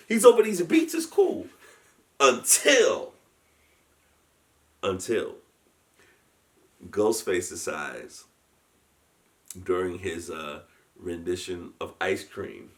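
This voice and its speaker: A man telling a story in a casual chat. He is animated, often laughs and restarts his sentences. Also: deep voice, slow pace, pauses often. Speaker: guest storyteller, convention founder.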